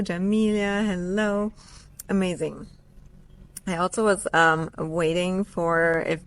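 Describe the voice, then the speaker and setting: A woman with a fairly low voice chats on a live stream from a phone beside a pool. She is effusive and upbeat, welcoming viewers by name and cursing casually as she talks business coaching. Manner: effusive, greets viewers by name, swears freely. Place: outdoors by a pool.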